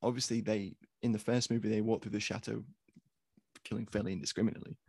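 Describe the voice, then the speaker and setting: Gravelly man with dry wit. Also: fairly low pitch, steady tone, fast, darkish tone, no room sound. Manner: wry, critical, swears casually. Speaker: podcast co-host. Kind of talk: casual film review chat.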